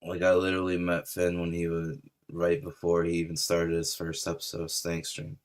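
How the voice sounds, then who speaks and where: A man's voice: sits low, completely flat delivery, moderate pace, clear, resonant tone. A man ranting casually in a taunting, mocking way about an online feud. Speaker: stream commentator. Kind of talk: casual rant.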